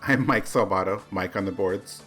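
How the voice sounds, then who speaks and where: A man's voice: low voice, normal speed, a bit bright, soft background music. A man co-hosting a podcast, easygoing and modest in casual chat. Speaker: podcast co-host.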